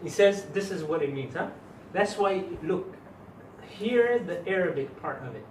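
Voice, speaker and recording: A man with a somewhat high voice gives a religious lesson to his students, leaning hard on key words and firing questions at the class. He is picked up from a distance in a reverberant room. A faint hum of ambience sits underneath. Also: lively intonation, a little slow. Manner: emphatic, quizzes students with rhetorical questions. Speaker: Islamic teacher. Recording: echoey room recorded from afar.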